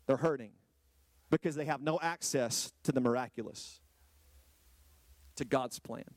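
Preaching man with a drawl. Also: dry recording. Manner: preaching, swings from low and quiet to high, loud, drawn-out exclamations; addresses the congregation directly with rhetorical questions. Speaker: pastor. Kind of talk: sermon. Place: church hall with a congregation.

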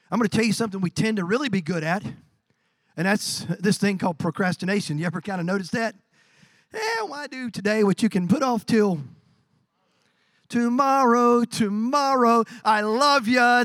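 A man preaching a sermon as pastor, building to drawn-out shouted emphasis. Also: high-pitched, no room sound.

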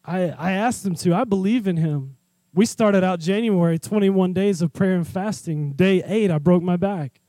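List: man, preacher, animated, candid, talks like a friend, close dry recording. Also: sits high, normal speed, no echo. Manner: animated, conversational, acts out scenes; candid and personal. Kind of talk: sermon.

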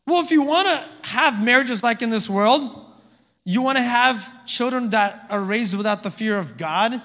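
Male pastor, high voice, chatty sermon style, echoey church hall. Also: expressive, unhurried, a bit bright. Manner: conversational preaching with frequent "amen?" and "okay?" checks. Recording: reverberant hall.

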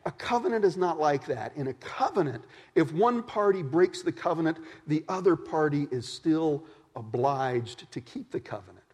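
A male preacher with a high, husky voice tells stories in a relaxed, conversational sermon. His words carry through a large hall with a long reverb. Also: moderate pace, few pauses. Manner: conversational storytelling with folksy asides.

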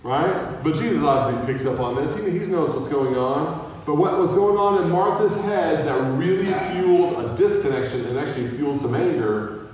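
A man's voice: on the high side, moderate pace, darkish tone. Guy preaching a casual sermon, jokes around, sounds far off in a big echoey church. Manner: conversational, with humor and acted-out quotes. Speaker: pastor. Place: church sanctuary. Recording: echoey hall, voice from a distance.

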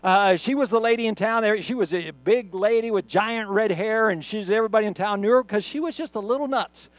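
Speaking a little fast in a high-pitched voice, a middle-aged pastor delivers a sermon in church for an online video. His style is conversational, like telling a story, and there's no room sound.

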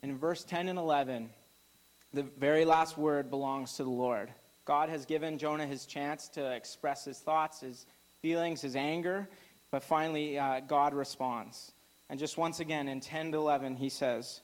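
A man's voice: on the high side, fairly even intonation, moderate pace, rough recording. A man preaching a sermon, talking in a conversational way with frequent fillers and restarts and lifting his voice when he quotes scripture. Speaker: pastor.

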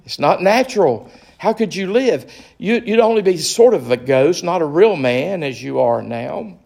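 A man voicing a wheedling male lizard that begs and stammers, in a gravelly voice. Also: sits high, animated, normal speed, a little mellow, voice pushed up, heavily acted. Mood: pleading. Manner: whiny, begging, stammering.

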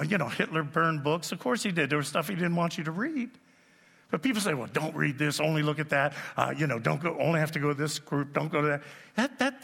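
A man's voice: high voice, gravelly, pushed and bright, big-room sound. A man in his sixties preaching a sermon as pastor, emphatic, with rhetorical questions and repetition. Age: 60s.

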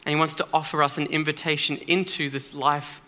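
A man's voice: a little high, little pitch movement, a little fast, sharp tone. A man preaching a sermon in a church, earnest and emphatic, speaking conversationally with occasional fillers.

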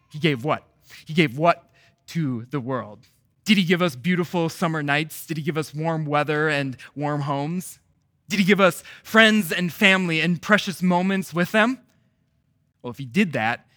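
Pastor guy preaching, kinda high bright voice, dry close sound, big swings from loud to hushed. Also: no echo. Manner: preaching with repeated rhetorical questions, surging loud then dropping soft. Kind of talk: sermon.

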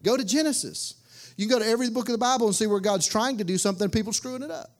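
High-voiced preacher man. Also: very fast. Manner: folksy, conversational preaching with repeated phrases. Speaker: pastor. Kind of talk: sermon.

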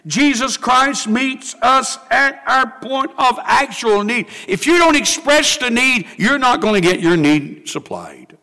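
A man's voice: very high voice, lively intonation, measured pace, creaky, few pauses, pushed and bright. An older man, preaching a sermon as pastor and acting out people's prayers in quoted voices. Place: church sanctuary. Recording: long hall reverb.

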